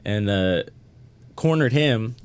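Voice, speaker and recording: A man's voice: lowish voice, expressive, slow pace, clear, resonant tone. Laid-back swearing man telling stories. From North Texas. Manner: laid-back, swears freely, acts out quotes. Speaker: guest. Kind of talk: casual podcast chat.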